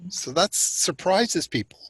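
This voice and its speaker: A man's voice: sits high, lively intonation, a little slow, fairly bright tone, slightly rough, no room sound, rough recording. An older man from Canada speaking as a guest expert, explaining in an earnest, conversational way and often restarting words when he stresses a point. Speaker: self-regulation expert guest.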